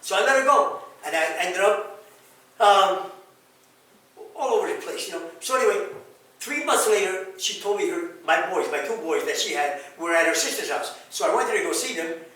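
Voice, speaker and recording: An older man, a pastor, telling his life testimony in an animated way, acting out the dialogue and sound effects, recorded far off in an echoey room. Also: high voice, normal speed. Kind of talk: personal testimony storytelling.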